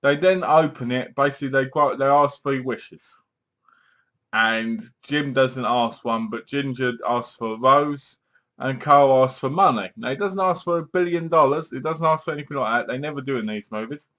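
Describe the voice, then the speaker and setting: A man talks through a horror film in an easy, chatty way. He rambles, restarts his sentences and keeps reaching for filler words. His voice sits at an ordinary middle pitch. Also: normal speed, fairly bright tone. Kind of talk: casual spoken film review.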